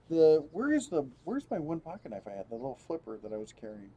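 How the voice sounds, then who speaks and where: A man's voice: mid-range voice, wildly swooping pitch, fast talker, a little mellow, slightly rough. A man hosting a casual live stream, rambling as he reads viewer comments aloud and chats. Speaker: host.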